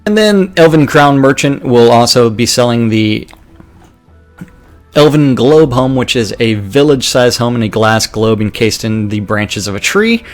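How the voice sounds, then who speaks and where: A man co-hosting a game news show in casual chat, wry and chatty, with halting restarts while going through the news. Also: mid-range voice, animated, soft background music.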